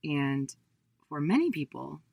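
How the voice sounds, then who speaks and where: Animated woman telling a personal story. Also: measured pace, gravelly, no room sound. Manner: animated, acts out her own past voice in high bursts. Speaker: speaker.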